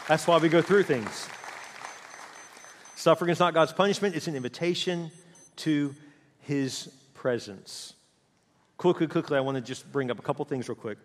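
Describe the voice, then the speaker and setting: High-voiced preacher in an echoing hall. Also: male voice, moderate pace, pauses often, some chatter behind, a little hiss or hum. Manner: storytelling, animated and emphatic. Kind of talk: sermon. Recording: long hall reverb.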